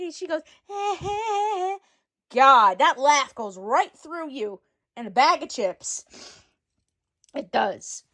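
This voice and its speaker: A woman performing an improvised skit, switching rapidly between many bickering characters in different voices. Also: high voice, a bit bright, no echo, studio quality. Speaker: storyteller voicing every character. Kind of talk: improvised doll-play skit.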